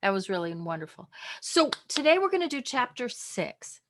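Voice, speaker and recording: A woman teaching a college communication class online from home, chatty and lively, acting out different tones of voice. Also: on the high side, normal speed, slight background noise.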